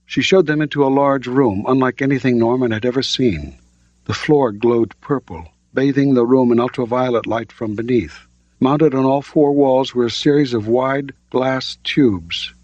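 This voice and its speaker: Older man, audiobook narrator, measured storytelling, muffled lo-fi recording. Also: mid-range voice, darkish tone, no echo.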